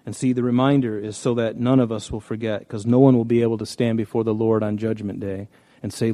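A man's voice: on the low side, little pitch movement, a little fast, hardly any pauses, mellow, no room sound, clean studio sound. A man preaching a conversational sermon, telling stories in a folksy way with frequent restarts. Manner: folksy, storytelling, many restarts. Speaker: pastor.

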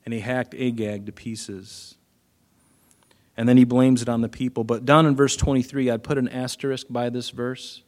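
A male pastor giving a conversational sermon, telling a story with loud and soft stretches and casual asides. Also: medium pitch, level tone, moderate pace.

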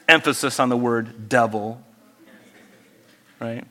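A man preaching a sermon as pastor, lively and animated, acting out people he quotes. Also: moderate pace, big-room sound. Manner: animated, acts out quoted people in higher voices.

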